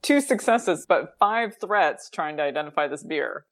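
Woman, lowish voice, tabletop player, giggly, playful. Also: expressive, moderate pace, fairly bright tone. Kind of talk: casual tabletop play.

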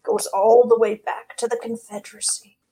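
A woman playing a tabletop game in a relaxed, joking way. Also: a little high, moderate pace, slightly rough. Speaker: player. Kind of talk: casual tabletop play.

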